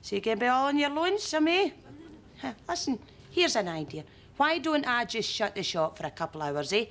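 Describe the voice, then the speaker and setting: An actress playing a lonely, overfamiliar shopkeeper with a Scottish accent, in a comedy sketch. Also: female voice, a little high, sing-song, a little fast, a bit bright. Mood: pushy. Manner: overfamiliar, pushy, chatty. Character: lonely, clingy middle-aged woman shopkeeper.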